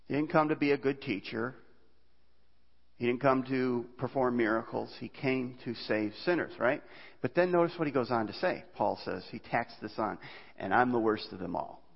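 A man's voice: mid-range voice, vocal fry. A man preaching a conversational sermon as a pastor, with frequent fillers and restarts. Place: church. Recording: dull hall reverb.

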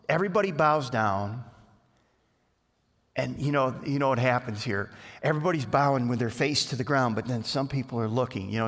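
A male pastor preaching a sermon in a loose, conversational storytelling manner that grows animated. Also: medium pitch. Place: church. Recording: reverberant church hall.

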